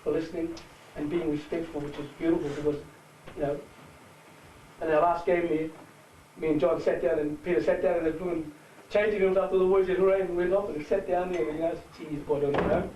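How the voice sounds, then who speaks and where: Man, New Zealand Māori accent, halting heartfelt speech, roomy echo, faint background noise. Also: on the high side, fairly even intonation. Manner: halting, warm-hearted, switches between Māori and English. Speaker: rugby team manager giving a speech. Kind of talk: speech at a team gathering. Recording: echoey room from far off.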